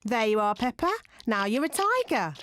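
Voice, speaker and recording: A woman voicing a cheerful, busy rabbit lady in a children's cartoon, brisk and helpful. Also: on the high side, big pitch swings, noisy background. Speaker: shopkeeper and librarian.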